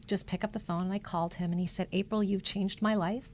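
Animated middle-aged woman storyteller. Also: medium pitch, quick pace, a little hiss or hum. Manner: animated, emotional storyteller acting out quoted voices. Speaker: matchmaker guest. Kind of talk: conversational storytelling interview.

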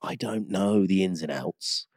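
A man's voice: low voice, unhurried, a little mellow, no echo, studio quality. A man co-hosting a podcast in casual chat, laughing often and swearing casually. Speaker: podcast co-host.

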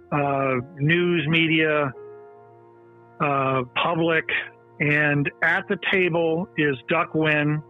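A man who prosecuted a case, recalling a courtroom hearing in a measured, opinionated way with many fillers. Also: a little high. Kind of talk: interview recollection. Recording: phone-line interview with faint music.

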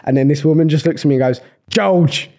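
A young man, co-hosting a podcast and telling stories in casual chat. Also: racing. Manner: chatty storyteller, lively swings in pitch. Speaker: podcast co-host.

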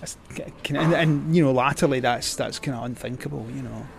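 A Scottish man recalls his years on the road at a relaxed, rambling pace, full of fillers and restarts. His voice sits at an ordinary middle pitch, and a faint ambient hum runs underneath. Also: a little fast, vocal fry. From Scotland. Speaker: guest, cycling journalist. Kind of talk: casual storytelling.

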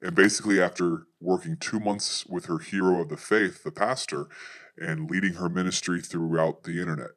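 Male pastor, low register, brisk storytelling testimony. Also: steady tone, a bit bright. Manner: fast narrative storytelling.

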